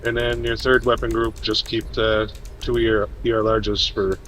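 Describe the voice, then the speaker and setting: A man's voice: fairly low pitch, level tone, moderate pace, fairly bright tone, slight background noise, poor audio. A man on a voice chat, casually explaining game tactics to teammates. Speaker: teammate giving build advice.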